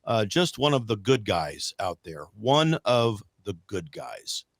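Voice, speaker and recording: A man's voice: on the low side, very animated, slow pace, no room sound, studio quality. A man hosting a talk show in a casual, rambling monologue, full of fillers and restarts.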